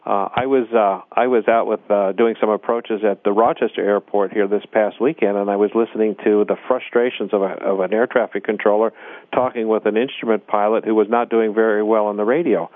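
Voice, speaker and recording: A man's voice: lowish voice, steady tone, a little fast, dry recording. A man, a flight instructor, telling stories from his teaching in a rambling way, with many restarts. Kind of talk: storytelling in a casual interview. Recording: tinny phone line.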